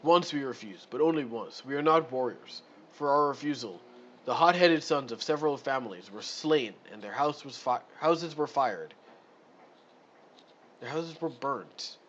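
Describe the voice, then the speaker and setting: Man reading formal elderly villager, stiff phrasing, middle pitch, slightly dull audio. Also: animated, unhurried, fairly bright tone, slight background noise. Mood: grave. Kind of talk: reading adventure module dialogue.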